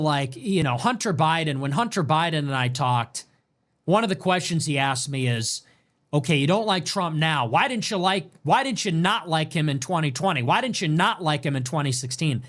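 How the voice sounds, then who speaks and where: A man giving an emphatic, animated political monologue, full of "like" fillers and restarts. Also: on the high side, normal speed. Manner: animated, emphatic, swings between excited and somber. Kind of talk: casual monologue.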